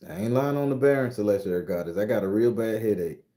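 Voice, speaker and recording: A man from southern Florida, a spiritual reader hosting a casual live stream on his phone. He talks in a bawdy, joking, loud way. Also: lowish voice, lively intonation, fast talker. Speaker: spiritual reader and channel host.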